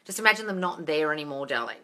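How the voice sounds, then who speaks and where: A woman with a bright, forceful tone and a slightly low pitch chats frankly through a live stream. She answers viewer comments one after another, swears without a second thought and keeps calling her listeners darling. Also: animated, rapid-fire. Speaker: host of a manifesting Q&A live stream.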